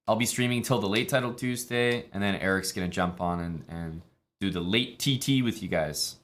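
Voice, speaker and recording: A man from Canada, streaming chess in a relaxed, chatty way with many fillers. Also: low-pitched, normal speed. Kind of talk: casual live-stream commentary.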